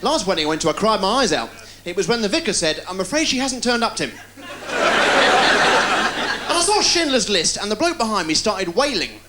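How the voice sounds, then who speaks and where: A man doing stand-up, firing off deadpan one-liners and puns. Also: high voice. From England. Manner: rapid-fire deadpan puns with quick delivery. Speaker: stand-up comedian. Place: live TV studio with a laughing audience. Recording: loud crowd laughter, noisy 1990s TV broadcast.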